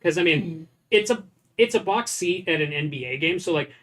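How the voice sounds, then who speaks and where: A man chatting on a board game stream, easygoing and prone to dry joking asides. His voice sits a little high for a man. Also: expressive, moderate pace, fairly bright tone. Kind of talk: casual chat.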